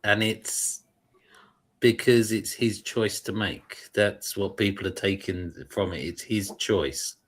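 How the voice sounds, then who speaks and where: A man with a fairly low voice talks loosely on a live stream. He rambles and restarts, often searching for the word he wants. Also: fairly even intonation, slow pace. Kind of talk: casual chat.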